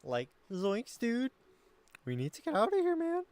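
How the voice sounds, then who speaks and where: A jittery stoner hippie guy, as a man puts him on, with a drawling, slangy delivery. The voice is pushed noticeably higher than natural and rises nervously. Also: wildly swooping pitch, a little slow, a little mellow, smooth, full character voice. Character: laid-back stoner hippie young man.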